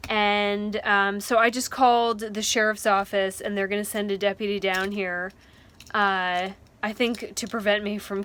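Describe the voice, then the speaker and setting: A woman's voice: a little high, bright, forceful tone. A young woman vlogging outdoors at night beside a beach, frazzled and emotional, swearing and laughing nervously. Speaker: van life vlogger. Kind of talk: casual vlog.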